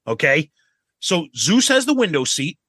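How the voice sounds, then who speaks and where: A man's voice: a little high, sing-song, unhurried, fairly bright tone, slightly rough, dry recording. A man co-hosting a podcast, telling a travel story in a casual, profane way. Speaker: podcast co-host.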